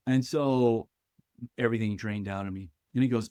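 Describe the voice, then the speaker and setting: A man's voice: lowish voice, steady tone, normal speed, mellow, dry recording. A man telling stories from his time as a young Marine in a podcast conversation, acting out the officers and his younger self. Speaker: podcast guest, former Marine. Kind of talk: storytelling in conversation.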